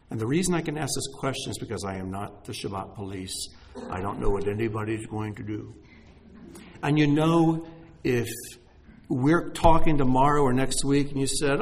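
A middle-aged male pastor preaches with emphatic energy at a moderate pace, his pitch rising and falling freely. Addressing his congregation directly, he presses and encourages them in an animated style.

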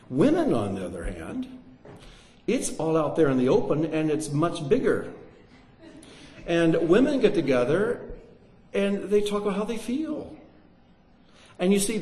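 A man delivers a sermon in a church hall, his voice rising and dropping with lively swings. He tosses in joking asides between points and moves from loud to hushed. The room adds a noticeable echo. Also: high voice. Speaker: preacher.

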